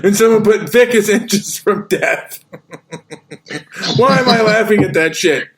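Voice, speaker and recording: A man's voice: sits high, lively intonation, slow, fairly bright tone. A man co-hosting a casual podcast, joking and bantering bluntly. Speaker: co-host.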